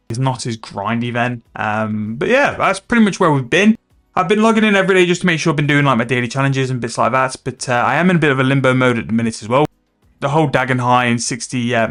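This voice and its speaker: A man's voice: a little high, a bit bright. A man chatting casually and rambling about his game progress as a gaming video host. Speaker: gaming YouTuber.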